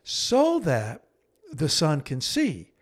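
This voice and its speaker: A middle-aged man co-hosting a podcast, telling a counseling story in an earnest, halting way and acting out quoted speech in a low, hushed voice. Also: wildly swooping pitch. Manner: earnest, halting, with frequent restarts and fillers. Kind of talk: conversational storytelling.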